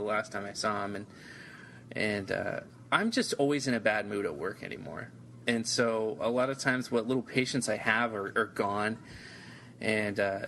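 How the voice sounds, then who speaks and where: A man's voice: lowish voice, a bit bright, slight background noise. A man in casual podcast chat, telling a rambling story with lots of cursing and stammered restarts. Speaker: podcast co-host.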